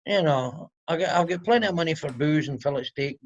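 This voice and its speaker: A man's voice: fairly high pitch, brisk, lo-fi sound. A Scottish man with a Glaswegian accent, a comedian talking casually and sarcastically on a video call, swearing freely. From Scotland. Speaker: comedian guest. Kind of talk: casual interview chat.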